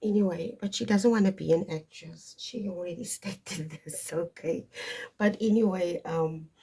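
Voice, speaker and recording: Slow, husky woman reading tarot. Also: on the low side, dark tone. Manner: digressive, emphatic, stops to stress points. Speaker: tarot reader. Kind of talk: casual spoken astrology reading.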